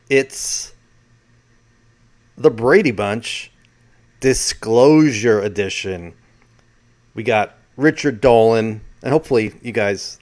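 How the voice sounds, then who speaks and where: Guy rambling thru his own video commentary, keeps correcting himself, mid pitch. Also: darkish tone. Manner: chatty and rambling, with self-corrections. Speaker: video host. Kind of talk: casual solo commentary.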